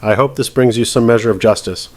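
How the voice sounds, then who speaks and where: A man voicing a stern judge who speaks in a calm, measured, precise way. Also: medium pitch, no echo, lightly acted. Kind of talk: scripted narration.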